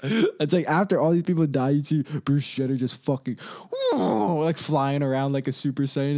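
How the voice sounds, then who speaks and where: Man, casual solo rant, rambling and profane, breaks into laughs, mellow dark voice. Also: on the high side. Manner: rambling, profane, laughing often, quick mimicry of others. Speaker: solo commentator. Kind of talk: casual ranting commentary.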